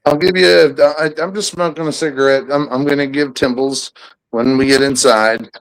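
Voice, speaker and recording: A man's voice: medium pitch, fairly even intonation, moderate pace, gravelly, no echo, poor audio. A man hosting a show, telling a rambling story in casual chat, hesitant, with many restarts. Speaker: host.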